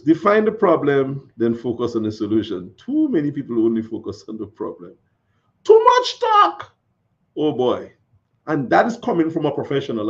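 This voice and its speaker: A man hosts a casual live stream, reading viewer comments and chatting in a folksy, repetitive way. His voice is a little high, with vocal fry. The stream audio is dull and lo-fi.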